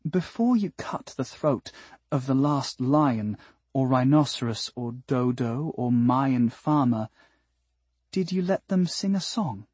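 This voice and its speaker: A man's voice: medium pitch, lively intonation, takes it slowly, a little mellow, husky, dry recording. A man voicing a tall, skeletal alien woman who speaks with elaborate humility and pointed, insistent questions, in an audiobook. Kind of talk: audiobook character voice.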